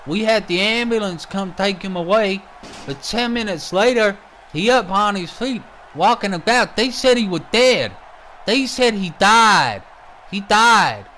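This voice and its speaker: Male wrestling commentator, high-pitched, brash, profane play-by-play. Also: lively intonation, a little slow, pushed and bright, a little hiss or hum. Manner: brash, trash-talking, swears a lot.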